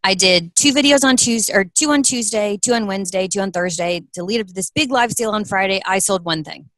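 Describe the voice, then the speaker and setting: A woman in her thirties, a business owner being interviewed, telling earnest, animated stories full of quoted dialogue. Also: medium pitch, fast talker, no room sound, rough recording. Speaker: guest, apparel business owner. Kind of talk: interview conversation.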